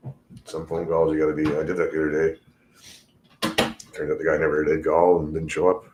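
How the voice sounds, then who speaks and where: This deep, slightly bright-sounding man hosts a casual livestream. He wanders through talk about being a tradesman, and profanity fills nearly every line.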